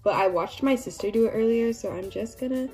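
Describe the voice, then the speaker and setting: A young woman chatting casually through an unboxing vlog at home, excitable and self-deprecating. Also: a little high, fairly quick, slightly rough, soft background music. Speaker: vlogger. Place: home workspace.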